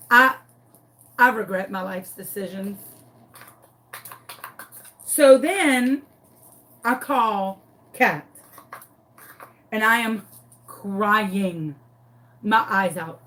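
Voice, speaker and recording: A woman telling a comic story in a craft tutorial, animated, dramatic and self-mocking. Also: medium pitch, drawn-out words, long pauses. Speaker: crafting vlogger.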